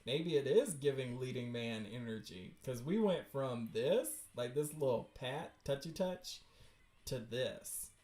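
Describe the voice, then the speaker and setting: A man hosting a livestream, excitedly reading webcomics aloud and reacting with slangy chatter and frequent laughs. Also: mid-range voice, unhurried, reverberant.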